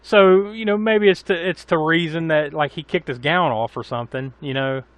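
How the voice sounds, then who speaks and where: A man's voice: a little high, normal speed, smooth, no room sound. A man with an American accent co-hosting a podcast, casually recapping a film, swearing freely and laughing often. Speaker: podcast co-host. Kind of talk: casual film review chat.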